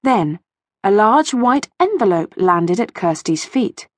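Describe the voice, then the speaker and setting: A woman narrating a children's audiobook with expressive storytelling, recorded in a studio. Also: mid-range voice, slow, no room sound. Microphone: studio mic.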